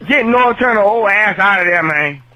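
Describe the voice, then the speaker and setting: A man's voice: high-pitched, animated, moderate pace, bright, forceful tone, poor audio. A man calling in to a podcast, venting in a fed-up, cursing drawl. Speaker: caller. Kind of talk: fan call-in rant.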